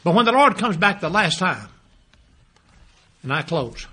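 A man preaching a sermon, emphatic, repeating key phrases and dropping low and soft toward the close. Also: very animated, unhurried, breathy edge.

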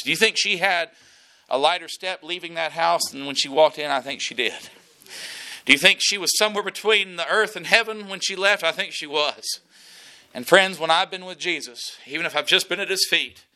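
A man preaching a sermon, earnest and repetitive, building to loud emphasis. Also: a little high. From South Mississippi, US. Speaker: pastor.

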